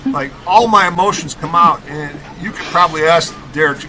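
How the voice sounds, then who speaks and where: With a slightly high voice and moderate pace, a middle-aged man from Rockford, Illinois tells a podcast an animated tale of his college basketball days. He's emphatic and fond of adding "okay?" to his lines, with some background noise audible.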